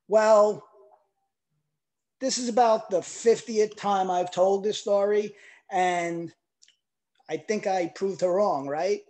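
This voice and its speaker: A man in his forties giving an emotional, emphatic testimonial pitch on a video call. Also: slow pace, long pauses, a little mellow. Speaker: product promoter on a video call.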